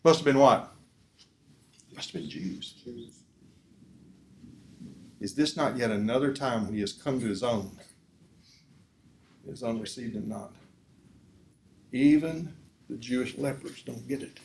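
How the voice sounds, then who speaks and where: A man with an ordinary mid-range voice delivers an earnest preaching talk. He leans on call-and-response questions to his listeners and swings between loud emphasis and soft, quiet lines. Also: medium pitch, lively intonation, a little slow, pauses often, a little hiss or hum. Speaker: speaker at a discipleship forum.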